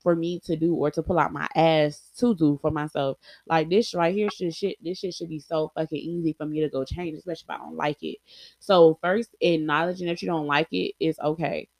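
A woman's voice: low-pitched, steady tone, a little fast, darkish tone, no room sound. A young adult woman vlogger telling personal stories candidly, blunt and heavily profane, acting out quoted lines.

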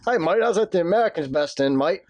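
A man's voice: high-pitched, lively intonation, fast, a little mellow. A man voicing a clumsy fake Australian man, an angry hotel guest, with goofy, exaggerated phrasing. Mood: mock outrage.

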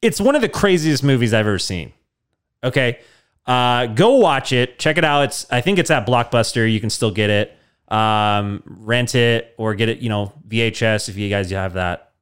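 Rambling comedic man, smooth voice. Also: medium pitch, normal speed. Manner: rambling, deadpan, full of fillers. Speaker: podcast host. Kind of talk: casual comedic storytelling.

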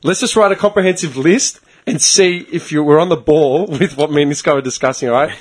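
A man's voice: a little high, a little fast. A man hosting a casual chat with friends, who laughs often, swears and keeps cutting in to steer the talk. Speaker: podcast host.

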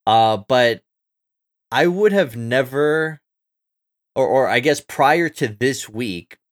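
A man's voice: medium pitch, expressive, slow pace. A young man co-hosting a casual podcast, talking with enthusiasm and rambling with fillers and restarts. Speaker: podcast co-host. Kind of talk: casual chat.

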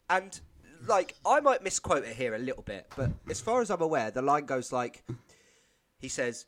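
A man's voice: mid-range voice, very animated, moderate pace, fairly bright tone, slight background noise. A man co-hosting a podcast, telling a rambling story with lots of swearing and laughter. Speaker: podcast co-host. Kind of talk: casual chat.

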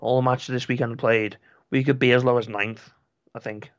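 A man's voice: mid-range voice, little pitch movement, moderate pace, dry recording. A man co-hosting a football podcast, chatting casually in a sarcastic, ranting way and often repeating words as he starts a sentence. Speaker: podcast co-host. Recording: slightly dull lo-fi mic.

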